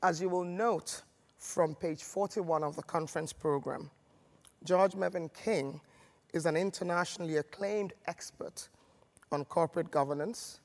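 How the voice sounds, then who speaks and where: Formal moderator in a reverberant hall. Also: male voice, fairly high pitch, measured pace. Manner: formal, reading out credentials. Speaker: conference moderator. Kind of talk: formal introduction.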